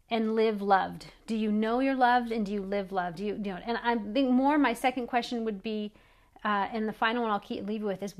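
A woman's voice: medium pitch, vocal fry. A middle-aged woman hosting a faith podcast, speaking earnestly and pleadingly, often repeating phrases for emphasis. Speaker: podcast host. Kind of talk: faith-based encouraging talk.

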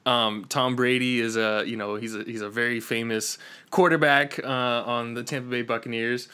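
A man's voice: medium pitch, fairly even intonation, moderate pace, bright, forceful tone, clean tone. An American man hosting a casual interview podcast, speaking with many fillers and restarts over a remote call. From United States. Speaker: podcast host.

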